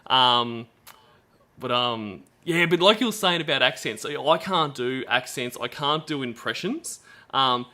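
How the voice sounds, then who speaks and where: A man's voice: medium pitch, lively intonation, unhurried, sharp tone. A man with an Australian accent hosting a stream, chatting casually in a self-deprecating way with lots of restarts. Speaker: stream host. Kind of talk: casual commentary chat.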